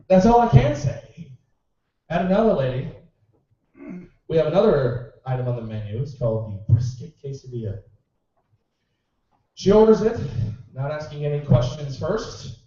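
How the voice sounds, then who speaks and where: A man's voice: big pitch swings, moderate pace, pauses often, warm tone, heavy reverb. A man performing a stand-up routine in a small club, telling stories in a sarcastic, exasperated way. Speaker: amateur stand-up comedian. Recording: boomy, distant, muffled club recording.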